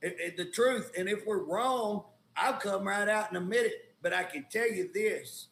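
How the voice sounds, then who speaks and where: Indignant Oklahoma legislator, folksy talker with a higher pitch and a gravelly edge; echoey room. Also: male voice, moderate pace, fairly bright tone. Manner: folksy, indignant storytelling with colloquial grammar. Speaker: state legislator, guest. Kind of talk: casual talk show conversation.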